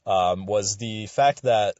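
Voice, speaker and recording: A young man from Western New York giving a casual, rambling opinion commentary, swearing freely and getting animated. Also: lowish voice, slow, no echo, lo-fi sound. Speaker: radio show commentator.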